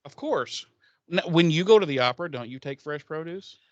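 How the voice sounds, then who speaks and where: A man's voice: on the high side, lively intonation, a little fast, no echo, highs cut off. A man hosting a podcast, recapping a TV episode in a rambling, profane, casual way with laughing asides.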